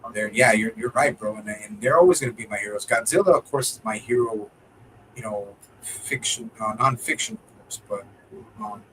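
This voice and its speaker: A man in casual chat, relaxed and heartfelt, who keeps calling his partner bro. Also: lowish voice, moderate pace, distant mic, slight background noise, low-quality recording. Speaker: co-host of a film discussion video.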